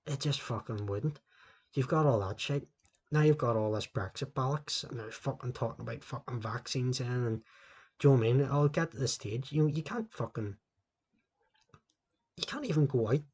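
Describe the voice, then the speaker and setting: A man rants through a solo podcast, swearing freely and rambling from one gripe to the next. His voice is husky, with a mid-range pitch, and he talks into a laptop mic. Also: darkish tone. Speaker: podcast host.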